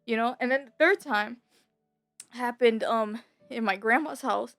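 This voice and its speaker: A woman's voice: fairly high pitch, a little slow, no room sound. A young adult woman telling a personal story in a casual, rambling way, full of slang and filler words. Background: soft background music.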